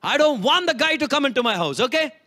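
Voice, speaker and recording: A man voicing a father from a parable, emphatic and repeating his words in a lower voice. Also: animated, fast talker, sharp tone, no room sound, studio quality, heavily acted. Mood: stern. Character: father in a parable, older man, loving then stern.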